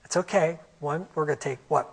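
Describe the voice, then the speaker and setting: A man giving a conference presentation on medical coding, animated and emphatic, with rhetorical questions. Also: fairly high pitch, a little fast. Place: conference room.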